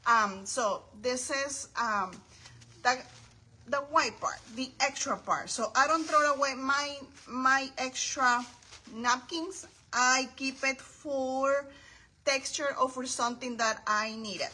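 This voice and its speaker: A woman hosting a casual craft livestream from her home craft table, chatting warmly with viewers by name and calling them her friends. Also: high voice, takes it slowly, low-quality recording.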